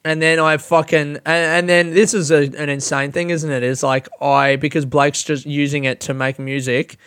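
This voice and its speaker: Solo podcast host, male, fairly high voice, profane, self-mocking rant that drops to mumbles and climbs to yells.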